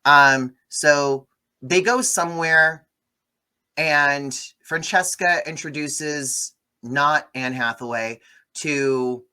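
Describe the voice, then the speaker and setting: A man hosting a casual movie review chat, sarcastic and animated, mocking the film with quick impressions. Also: on the high side, clean tone.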